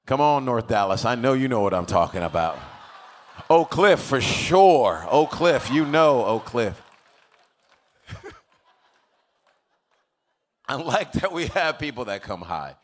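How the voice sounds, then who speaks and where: A man's voice: medium pitch, very animated, takes it slowly, long pauses. A man preaching a sermon as pastor, telling stories casually and building to emphatic preaching.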